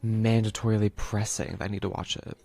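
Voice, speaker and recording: A man's voice: fairly low pitch, level tone, fairly quick, vocal fry, a little mellow. A man streaming a video game, chatting casually in a rambling, playful way full of fillers, and reading the game text aloud.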